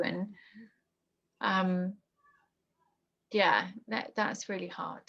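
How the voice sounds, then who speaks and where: A young woman telling a painful personal story in conversation, halting and emotional with many restarts. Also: on the low side, flat delivery, vocal fry, a bit bright. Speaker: guest. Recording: dull lo-fi podcast audio.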